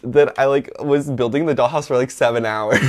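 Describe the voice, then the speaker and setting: A young man telling a story in a casual chat, sassy and dramatic, laughing often and full of fillers. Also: normal speed. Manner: animated, laughing, mimics others in high-pitched voices. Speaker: podcast host telling a story.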